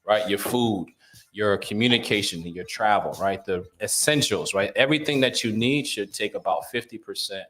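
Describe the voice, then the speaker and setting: A man's voice: on the low side, normal speed, a bit bright. A man on a morning radio show, explaining budgeting in a casual, patient way and checking in with "right?" after each point. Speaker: guest speaking on personal budgeting. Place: radio studio.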